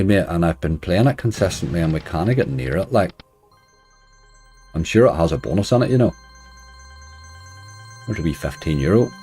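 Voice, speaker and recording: A man with a low, husky voice chats casually on a live stream as he plays. He greets viewers and makes wry jokes, quietly laughing at his own remarks.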